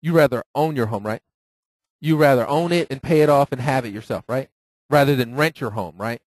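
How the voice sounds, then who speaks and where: A man's voice: mid-range voice, brisk, no echo, low-quality recording. A man teaching a live audience who keeps asking rhetorical questions and tagging them with "right?". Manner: lively, acts out phone calls in quoted voices. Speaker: financial seminar speaker.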